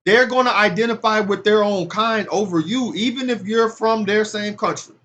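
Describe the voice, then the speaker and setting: A man's voice: high voice, normal speed, bright, forceful tone, lo-fi sound. A man giving impassioned, casual commentary on scripture, talking in loose street speech that rises into emphatic preaching. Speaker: religious commentator.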